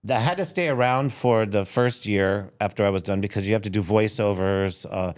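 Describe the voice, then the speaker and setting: A middle-aged man from the United States, a chef and restaurant owner, telling animated stories in a casual interview and laughing often. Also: fairly low pitch, moderate pace. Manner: animated storyteller, laughs often, acts out quoted voices.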